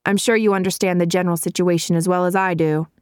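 A genial middle-aged lawyer, polite and warm in manner, as read by a woman. The voice is lowish and plainly delivered, close and dry. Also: fairly even intonation, quick pace, clean tone, no echo, lightly acted.

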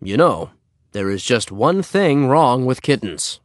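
A man voicing a firm, dry-humored father in a storybook reading, speaking slowly and deliberately. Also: mid-range voice, big pitch swings, no room sound. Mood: teasing.

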